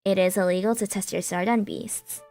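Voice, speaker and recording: A woman putting on a grumpy, stern cartoon office man who scolds in a flat voice. Dry, close sound with faint music playing. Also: mid-range voice, moderate pace, dry recording, pitched below the performer's own voice, natural voice. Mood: scolding.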